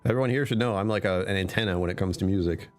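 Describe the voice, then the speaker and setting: A man's voice: sits low, very fast, faint music behind. A man streamer chatting casually with his live chat, answering comments and laughing often.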